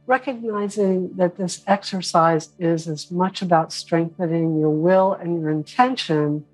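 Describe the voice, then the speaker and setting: Slow-spoken woman teaching a spiritual class. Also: fairly low pitch, poor audio. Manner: casual, animated, mimics whiny voices with laughter. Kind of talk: online class lecture.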